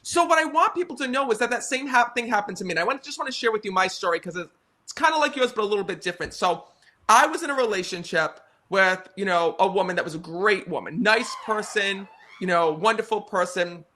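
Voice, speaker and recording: An American man in his thirties tells stories with earnest, animated energy. His voice sits high and sounds bright and forceful. He keeps pulling the audience in with "right?" and "you know.". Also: fast talker. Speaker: psychic medium guest. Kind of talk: casual storytelling conversation.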